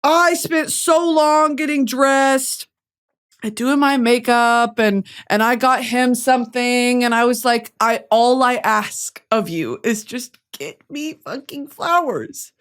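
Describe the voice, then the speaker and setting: A woman from Texas hosting a comedic podcast, animated and profane as she rants straight to the audience. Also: a little high, takes it slowly, clear, resonant tone. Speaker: podcast host.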